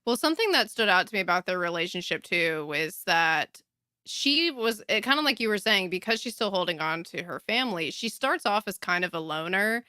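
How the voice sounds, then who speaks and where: A woman's voice: medium pitch, lively intonation, a little fast, pushed and bright, no room sound, clean studio sound. A woman co-hosting a podcast in easygoing casual chat. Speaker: podcast co-host.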